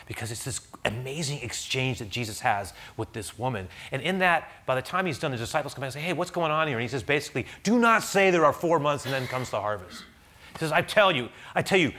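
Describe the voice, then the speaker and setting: Bright-voiced man preaching a personal story. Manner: conversational storytelling, many restarts, swells loud and high when preaching. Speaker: pastor. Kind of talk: sermon.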